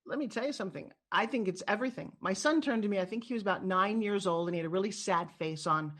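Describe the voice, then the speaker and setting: A middle-aged woman from New York with a New York accent, telling stories as an animated, emphatic interview guest. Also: mid-range voice, fast. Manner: animated storyteller, lively and emphatic. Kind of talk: candid interview talk.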